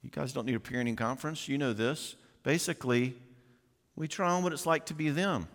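A middle-aged man giving a folksy, animated conference talk, often acting out quoted voices. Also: medium pitch, a little fast. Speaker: conference speaker. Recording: long reverb of a large hall.

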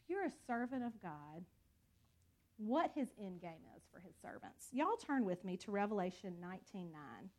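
A woman's voice: medium pitch, very animated, moderate pace, darkish tone. A woman teaching a Bible study in an earnest, conversational way, calling her listeners y'all.

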